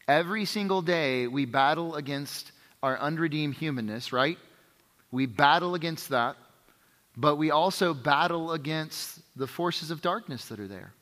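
A man delivers a sermon with a bright, forward voice pitched a little high. He keeps it conversational, checks in with his listeners, and hammers his points through repetition. A long hall reverb trails behind every phrase. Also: moderate pace. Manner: emphatic repetition. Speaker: pastor.

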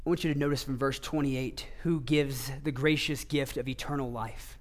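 Pastor guy preaching, kinda high voice, goes loud and emphatic then real quiet. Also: steady tone, normal speed, hardly any pauses. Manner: earnest, swings between emphatic rises and hushed low passages. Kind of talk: sermon.

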